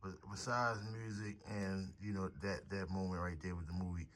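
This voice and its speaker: Male interviewer with a deep voice, unhurried, pausing on fillers. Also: level tone. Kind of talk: interview questions.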